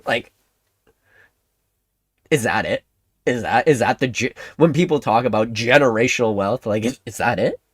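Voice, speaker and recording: A man hosting a livestream, ranting excitably to his chat, laughing often and swinging between loud outbursts and hushed asides. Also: medium pitch, moderate pace, long pauses, breathy edge, no room sound. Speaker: livestream host.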